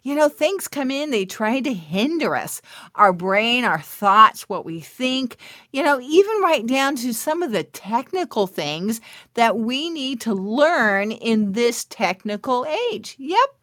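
Middle-aged woman doing a christian podcast, slow and bubbly, laughs a lot, dry close sound. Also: fairly high pitch, no echo. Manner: bubbly, laughs often, swings from soft prayer to excited chatter. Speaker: podcast host and life coach. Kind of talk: faith podcast monologue with prayer.

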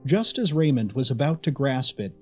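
A man narrating a story in a measured, expressive way. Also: mid-range voice, soft background music. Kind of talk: audiobook narration.

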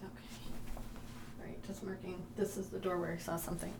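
A woman doing a paranormal investigation in a room of her own house, gently and patiently coaxing unseen presences to speak, with frequent ums. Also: fairly low pitch, little pitch movement, fairly quick, vocal fry, echoey room, heavy background noise.

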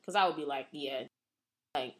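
A young woman co-hosting a podcast in casual chat, slangy and animated, acting out the reactions she would have. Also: low voice, normal speed, slight background noise. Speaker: podcast co-host.

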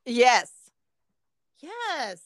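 A woman's voice: high-pitched, very animated, extremely slow, no echo, clean studio sound. A middle-aged woman from Southern California, co-hosting a podcast and telling stories in casual chat, swearing and laughing often. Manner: profane, laughing storyteller. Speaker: podcast co-host.

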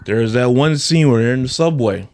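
A man's voice: medium pitch, expressive, a little fast, darkish tone. A man co-hosting a casual podcast chat with dry, wry humor.

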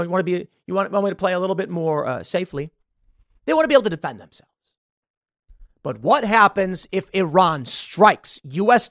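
A man's voice: high voice, a bit bright, no echo, studio quality. A man hosting a political commentary show, talking emphatically to viewers and posing rhetorical questions.

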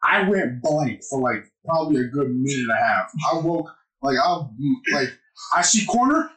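Young man, casual podcast storytelling, swearing and laughing, lively pitch, bright tone, roomy echo. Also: normal speed. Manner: profane, laughing, animated. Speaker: podcast co-host.

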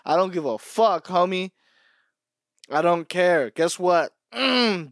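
A man's voice: high-pitched, animated, slow pace, vocal fry, a bit bright, dry recording, clean studio sound. A young man riffing in a brash, mock-aggressive comedy rant, swearing freely as he talks to his viewers. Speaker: comedy vlogger.

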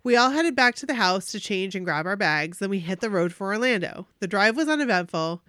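A woman's voice: medium pitch, lively intonation, a little fast, fairly bright tone, dry recording. Woman reading a fan story, dry sound. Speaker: podcast co-host reading a fan's story. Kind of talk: reading a listener story aloud.

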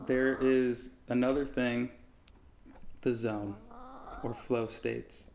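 A man co-hosting a podcast, chatting casually and explaining things in a relaxed way. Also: medium pitch, slow pace, gravelly, a little hiss or hum. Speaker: podcast co-host. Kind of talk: casual chat.

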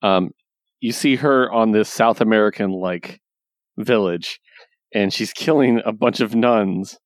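A man with a lowish voice chats casually about comics, recounting plots with easy laughter. His voice sounds dry and close. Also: a little slow, no echo. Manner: relaxed storytelling, laughing while retelling scenes. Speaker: comic book podcast co-host. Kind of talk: casual chat.

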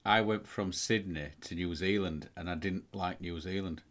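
Man, casual chat, blunt, swearing, lowish pitch. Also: fairly even intonation, moderate pace, fairly bright tone. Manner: blunt, swears, asks questions.

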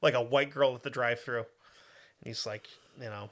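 A man's voice: mid-range voice, steady tone, fairly quick, fairly bright tone. A man from the United States telling a history story in a casual, profane, joking way with lots of fillers. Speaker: podcast host.

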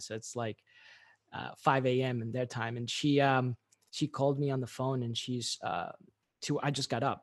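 A man being interviewed, telling a story animatedly with many fillers and restarts. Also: medium pitch. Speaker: guest, business owner.

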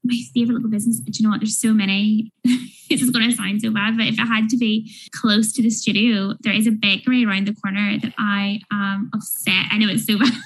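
A woman's voice: mid-range voice, little pitch movement, brisk, slightly rough, poor audio. A young woman, chatting casually as a podcast guest, full of fillers. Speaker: guest, small business owner.

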